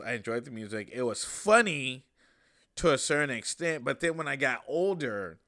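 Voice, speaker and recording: A young adult man hosting a casual monologue, rambling and relaxed with many fillers. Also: medium pitch. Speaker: host.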